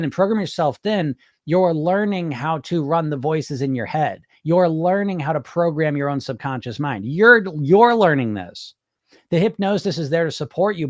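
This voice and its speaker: A man with a slightly high voice hosts a weight loss podcast, answering a listener question with casual coaching that is earnest and emphatic, repeating phrases for stress. The recording is dry and studio quality.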